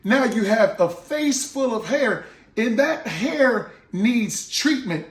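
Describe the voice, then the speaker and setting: Speaking slowly with an extremely high pitch and lively intonation, a man jokes around in a casual vlog to camera, and the sound is reverberant. He promotes his own beard oil in casual product talk, acting out little scenes along the way.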